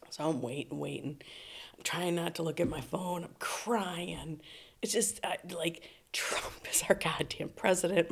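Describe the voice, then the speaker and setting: A woman's voice: low-pitched, creaky. A middle-aged woman telling a long personal story in casual chat. She laughs often, swears freely and acts out the people in it. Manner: acts out other people's voices in quotes. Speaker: storytelling guest.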